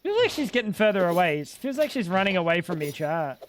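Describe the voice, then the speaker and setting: A man's voice: sits high, very animated, brisk, slight background noise. A young man streaming a game at home on a desk microphone, rambling and joking to his chat with plenty of swearing. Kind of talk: casual gaming stream commentary.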